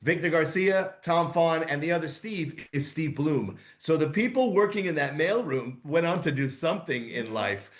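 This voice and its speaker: A man in his sixties, a voice actor guest telling rambling, lively anecdotes in a casual interview. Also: fairly high pitch, moderate pace, few pauses. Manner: rambling, animated anecdotes with asides.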